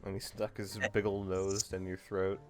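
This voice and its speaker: A man's voice: deep voice, completely flat delivery, normal speed, darkish tone, faint music behind. A man co-hosting a podcast in casual chat, dropping wry, teasing quips.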